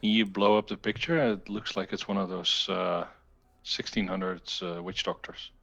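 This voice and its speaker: A man playing a tabletop role-playing game, relaxed and hesitant, with fillers. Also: low-pitched, moderate pace, gravelly, highs cut off. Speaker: player.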